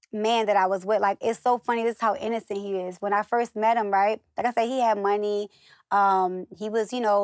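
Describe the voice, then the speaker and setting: A woman from the northern United States chats as a guest in a casual interview, acting out the voices of people in her stories. Her mid-range voice has a darkish tone. The studio sound is clean, with no room sound.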